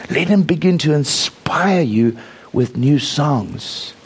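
Gravelly preacher. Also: male voice, on the high side, lively intonation, slow. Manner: storytelling, prays aloud with rising fervor. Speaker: visiting preacher. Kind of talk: sermon.

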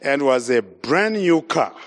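A man's voice: mid-range voice, sing-song, takes it slowly. A man from Zimbabwe, preaching a sermon that mixes personal storytelling with questions to the congregation, repeating his key phrases. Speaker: evangelist preacher. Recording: long hall reverb.

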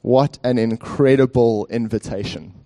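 A man's voice: mid-range voice, measured pace, warm tone. A man preaching a sermon as pastor in a church, conversational and speaking directly to the congregation with frequent fillers.

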